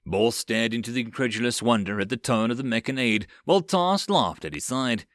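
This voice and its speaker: A man narrating a web novel audiobook with expressive storytelling. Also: mid-range voice, fairly quick, no room sound, clean studio sound.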